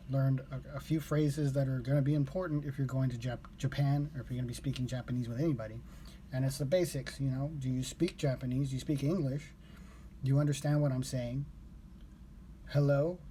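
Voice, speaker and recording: A man's voice: medium pitch, mellow, slight background noise. A man casually talking a viewer through what he learned, rambling and correcting himself as he goes. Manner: rambling, with fillers and self-corrections. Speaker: language learner vlogger. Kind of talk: casual explanation to camera.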